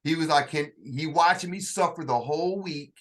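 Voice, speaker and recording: Speaking conversationally about his own experiences, a man with a somewhat high voice, an author, often stops, restarts, and hunts for words. When quoting others, he acts out their voices.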